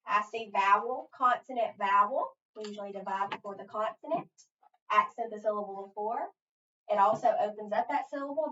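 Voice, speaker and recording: A woman's voice: medium pitch, a little hiss or hum. A woman teacher leading a phonics lesson, spelling words out letter by letter and coaching a learner. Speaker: reading teacher. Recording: roomy, distant, dull lo-fi.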